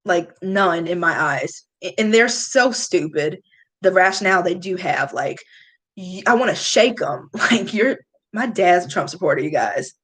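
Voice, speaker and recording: A young woman hosting a long livestream, chatting casually and answering viewer comments with candid, animated reactions. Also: unhurried, breathy edge, poor audio. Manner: chatty and candid, swings up high when greeting viewers. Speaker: beauty vlogger hosting a livestream.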